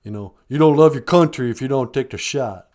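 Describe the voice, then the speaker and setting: A man's voice: medium pitch, a little fast, a little mellow, lightly acted. A man voicing a brash, pushy woman caller who teases and bosses the host around. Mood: bossy. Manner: brassy, calls the host a fool.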